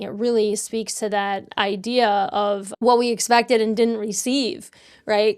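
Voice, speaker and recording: A woman's voice: mid-range voice, clean tone. A woman in her forties hosting a podcast, talking in an open, searching way with lots of "like" and "you know.". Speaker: podcast host and dental coach. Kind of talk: casual reflective conversation.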